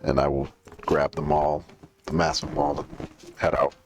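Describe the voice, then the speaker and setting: A man's voice: rumbling low, flat delivery, a little slow, background noise. A man speaking as a player in a casual tabletop game, stating his actions plainly.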